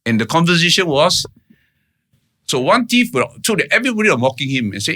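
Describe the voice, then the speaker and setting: A man being interviewed shares a personal story sincerely and simply, often tossing in "right?" or "all right?" to check in. His slightly high voice is pushed and bright, very animated, and moves at normal speed.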